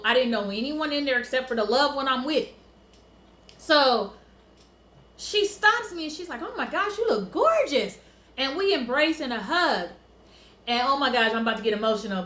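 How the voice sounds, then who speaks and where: A woman casually telling a personal story to camera, animated and emotional, laughing often. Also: sits high, echoey room.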